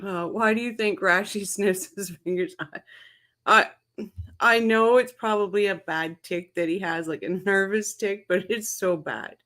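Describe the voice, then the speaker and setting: A woman's voice: medium pitch, fairly even intonation, a little slow, a bit bright. A woman hosting a casual livestream, laughing helplessly and greeting viewers in the chat. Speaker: livestream host.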